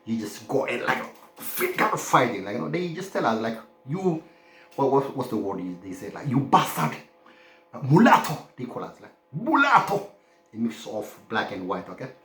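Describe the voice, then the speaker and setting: A man's voice: on the low side, animated, brisk, a bit bright. A man from the Horn of Africa talking in a loose, rambling monologue, forever adding "my friend" and "okay?". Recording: roomy echo.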